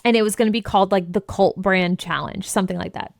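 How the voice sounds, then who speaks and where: A woman's voice: medium pitch, fairly even intonation, quick pace, creaky, no room sound, studio quality. A woman hosting a podcast who tells stories with lots of expression, swears freely and acts out conversations in different voices. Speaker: podcast host and business coach. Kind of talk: candid storytelling monologue.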